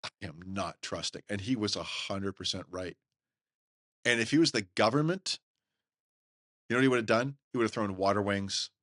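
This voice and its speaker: Middle-aged man, low voice, emphatic folksy podcast host, dry close mic. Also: pushed and bright, dry recording. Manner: emphatic, folksy, mimics others in quick asides. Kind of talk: opinionated solo podcast talk.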